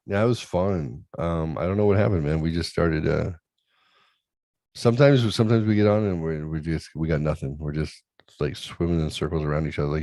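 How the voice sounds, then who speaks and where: A rumbling low, mellow male voice comes through a dry recording with clean studio sound, talking a little fast. The podcast host rambles and swears through crude comedic talk-show banter, often imitating others' voices in his anecdotes.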